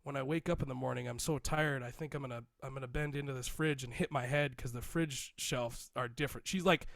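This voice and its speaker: A man's voice: mid-range voice, fairly quick, vocal fry. A man in his thirties casually telling a rambling story on a podcast, acting out the people he quotes. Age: 30s. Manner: rambling, animated, acts out quotes. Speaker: podcast co-host.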